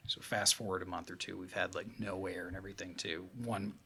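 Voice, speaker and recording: A man who is a retired army officer, guest on a podcast, telling a war story in casual talk. He rambles with lots of fillers and tags like "right?", and he jumps into high voices to act out other people. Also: little pitch movement, fairly quick, sharp tone, slight background noise. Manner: loose, rambling phrasing with many fillers and tags like "right?" and "too".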